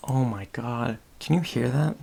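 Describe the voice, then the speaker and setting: A man's voice: mid-range voice, a little slow, creaky, mellow, breathy edge. A man with a Boston accent, a podcast host rambling distractedly and muttering to himself while he works on a casual livestream.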